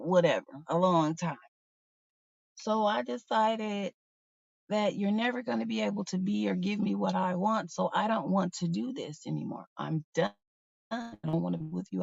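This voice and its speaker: A woman's voice: mid-range voice, creaky, darkish tone, husky, dry recording. A woman hosting a livestream, talking candidly and bluntly in a rambling, casual way to her viewers. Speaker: livestream host. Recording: dull, slightly lo-fi sound.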